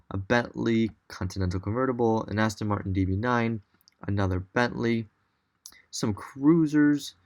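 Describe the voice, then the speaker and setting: A young man with a fairly low voice talks through a virtual walk-around as a voice-over. He sounds keen and loose, thinking aloud and correcting himself as he goes. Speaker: car vlogger. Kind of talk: casual tour narration.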